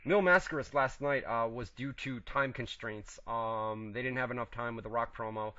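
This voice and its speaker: A man's voice: medium pitch, moderate pace, bright, forceful tone, dry recording, muffled recording. A man hosting an internet radio show, chatting casually and teasing his co-host with plenty of profanity. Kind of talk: casual wrestling radio chat.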